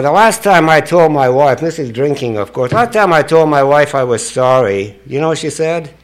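Profane, joking Scottish man. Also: medium pitch. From Scotland. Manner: profane, joking, chuckling at his own stories. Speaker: speaker at a recovery meeting. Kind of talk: confessional storytelling to an audience.

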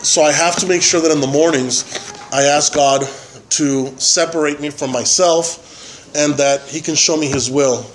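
A man giving a personal testimony at a recovery meeting, halting and full of fillers and tag questions. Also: on the high side, steady tone, a little hiss or hum, low-quality recording. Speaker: member sharing at a recovery meeting.

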